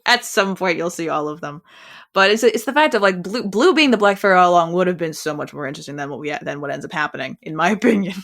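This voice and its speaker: A woman co-hosting a podcast in casual chat, rambling and animated, restarting sentences as she goes. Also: on the low side, fast talker, gravelly. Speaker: podcast co-host.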